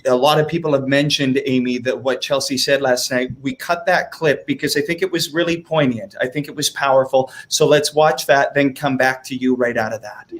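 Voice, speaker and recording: A host steering a panel discussion, brisk and direct, introducing clips. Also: medium pitch, fairly even intonation. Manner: brisk, steers the talk, short reactions. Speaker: show host.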